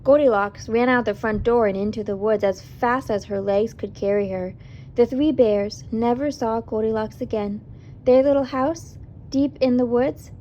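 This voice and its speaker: A woman with a fairly high voice reads a children's storybook aloud, lively and expressive, turning to ask the listener questions along the way. The recording is a little muffled, with a faint hiss underneath. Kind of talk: reading a picture book aloud.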